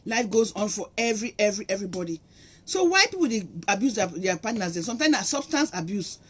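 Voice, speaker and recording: This middle-aged woman is a fast talker, very animated, with a husky, medium-pitched voice. In Nigerian Pidgin English she gives her viewers an impassioned, preachy monologue to camera, acting out the quotes she uses.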